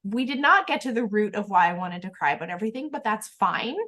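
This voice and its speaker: A woman hosting a podcast who tells stories in a quick, chatty, animated way. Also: medium pitch. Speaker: podcast host. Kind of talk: casual interview chat.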